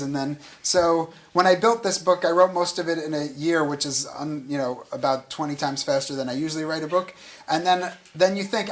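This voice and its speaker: A man's voice: a little high, fairly quick. Rambling man, self-interrupting author. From United States. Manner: rambling, restarts often, chuckles as he talks. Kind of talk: casual onstage talk. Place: stage at a literary event before an audience.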